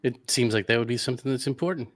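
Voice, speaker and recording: A man's voice: medium pitch, very fast. A man co-hosting a podcast, mostly answering with brief reactions and questions. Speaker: podcast co-host. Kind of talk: casual podcast chat.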